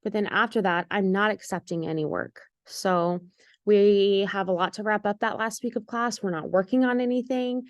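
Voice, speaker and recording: A woman's voice: mid-range voice, normal speed, no echo, clean studio sound. A woman teaching an art lesson in a recorded video, giving patient, step-by-step instructions with the odd "um".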